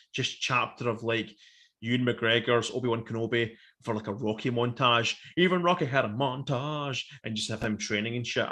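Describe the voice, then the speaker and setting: A man, co-hosting a casual review chat, animated and sweary, acting out quotes. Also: medium pitch. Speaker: podcast co-host.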